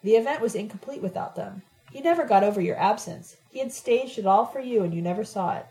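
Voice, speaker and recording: A sharp-tongued young woman, as read by a woman narrator, mocking and cryptic in how she speaks. The voice is mellow and soft-edged. It is an audiobook character reading. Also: medium pitch, animated, fast, close to an everyday voice, poor audio. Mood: lecturing.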